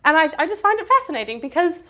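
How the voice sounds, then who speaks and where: A woman's voice: extremely high pitch, sing-song, quick pace, sharp tone, voice pushed up, exaggerated voice. A young woman doing a playful, put-on British accent while describing a show to her co-host. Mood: playful posh. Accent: mock British.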